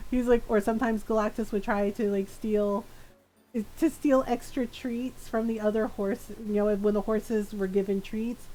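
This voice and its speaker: A woman's voice: medium pitch, normal speed, rough recording. A woman streamer casually telling a funny story, laughing often and acting out the voices of the people in it. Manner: animated, laughing, acts out quoted voices.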